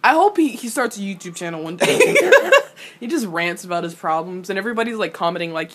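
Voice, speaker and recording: A woman's voice: mid-range voice, expressive, a little fast, a little hiss or hum. A young woman giving casual reaction commentary on a TV episode, ranting animatedly and swearing freely. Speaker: reaction video host.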